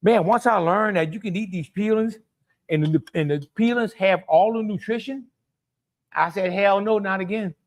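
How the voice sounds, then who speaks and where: A man's voice: high voice, normal speed. A middle-aged man with a Cajun accent hosting a live cooking stream, talking in a folksy way and greeting viewers by name. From Louisiana. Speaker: cooking show host.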